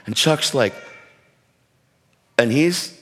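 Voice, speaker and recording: A man preaching a storytelling sermon, animated and breaking into shouts when he exhorts. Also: mid-range voice, very slow, slight background noise. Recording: reverberant hall.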